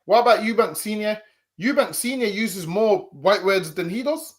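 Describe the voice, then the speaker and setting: A man's voice: high voice, moderate pace. A man co-hosting a reaction commentary, arguing his point with restarts and stammers. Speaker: co-host.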